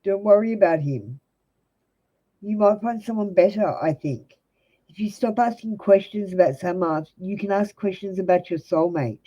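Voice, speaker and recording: A woman's voice: mid-range voice, normal speed, warm tone, husky, muffled recording. A young Australian woman reading tarot live for viewers, giving blunt, direct advice. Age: young adult. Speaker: tarot reader.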